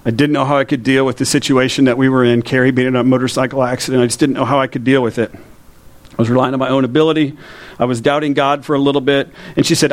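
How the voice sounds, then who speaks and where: A man preaching a sermon to his congregation in a church, in a conversational way, often asking the listeners questions. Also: medium pitch. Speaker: pastor.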